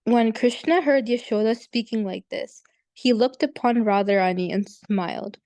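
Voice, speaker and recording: A woman's voice: on the high side, normal speed, dark tone, no echo. A woman steadily reading a devotional story aloud to a group.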